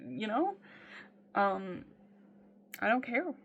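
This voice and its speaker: A woman's voice: medium pitch, measured pace, pauses often, a bit bright. A woman talking in a casual personal video diary, blunt and swearing freely, with many "um" fillers. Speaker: vlogger.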